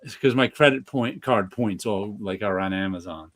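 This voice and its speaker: This podcast co-host speaks in a lowish, slightly bright voice at a moderate pace, with a New York accent. His casual chat wanders, full of restarts and soft laughter.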